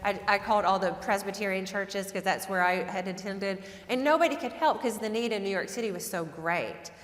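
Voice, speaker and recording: A woman telling a personal story in a relaxed, self-deprecating lecture style, laughing often. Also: mid-range voice, a little fast. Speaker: guest lecturer and author. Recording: echoey hall reverb.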